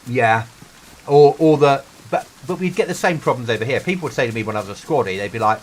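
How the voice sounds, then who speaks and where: A man's voice: mid-range voice, animated, fast talker, fairly bright tone, slight background noise, low-quality recording. A middle-aged British man streaming a game, chatting earnestly and telling stories to a friend. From Britain. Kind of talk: casual chat while gaming.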